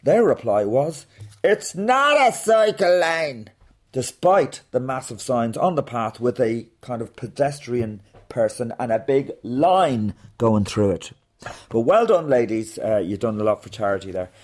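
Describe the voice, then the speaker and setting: A man's voice: mid-range voice, lively intonation, unhurried, a little mellow. A man, a comedian hosting a podcast, ranting through a sarcastic, swear-laden anecdote and then interviewing a guest. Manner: swears freely, rants with sarcasm. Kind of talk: rambling comic monologue and interview.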